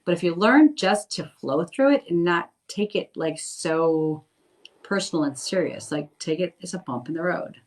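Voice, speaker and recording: Low-voiced woman chatting on a livestream. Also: normal speed, poor audio. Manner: chatty, reads viewer comments aloud, reassuring. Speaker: medium doing live readings. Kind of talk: casual livestream chat. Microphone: phone.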